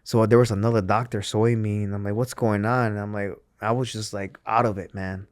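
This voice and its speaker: A man with a lowish voice talks in a casual interview, telling his story earnestly and candidly as he often circles back and restarts his sentences. The sound is dry and close, with no room around it. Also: little pitch movement, fairly quick, dry recording. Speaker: podcast guest, former pro wrestler.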